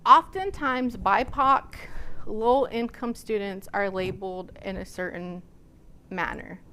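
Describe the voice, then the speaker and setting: A woman's voice: mid-range voice, takes it slowly, pushed and bright, slight background noise. A woman from Nebraska giving a lecture as a college student services coordinator. She tells personal stories in a conversational way, with frequent fillers. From Nebraska, United States. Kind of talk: storytelling lecture.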